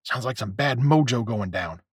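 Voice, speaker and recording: A man's voice: mid-range voice, lively intonation, normal speed, husky, no echo, studio quality. A man voicing a laid-back young male warehouse worker who talks in a casual, slangy way.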